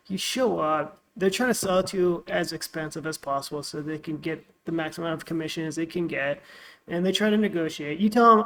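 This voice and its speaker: This is a man with a high voice and a gravelly, creaky edge, co-hosting a casual podcast. He murmurs agreement a lot and vents his frustrations freely. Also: fairly quick. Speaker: podcast co-host. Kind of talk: casual chat.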